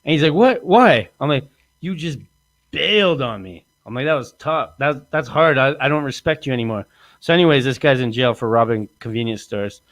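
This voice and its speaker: A man's voice: medium pitch, fairly quick, dry recording. A man hosting a comedy podcast, boastfully telling stories, acting out quotes and laughing often. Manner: boastful, animated storyteller who acts out quotes and laughs often. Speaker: podcast host. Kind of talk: comedic storytelling chat.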